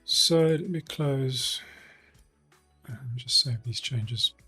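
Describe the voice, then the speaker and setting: A man at his desk microphone walks through his coding work for a live stream, thinking aloud in a relaxed, unscripted way. His voice is a little husky and sits at an ordinary middle pitch. Faint music plays quietly behind him. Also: drawn-out words. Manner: thinking aloud, many ums and self-corrections. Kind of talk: casual live-coding walkthrough.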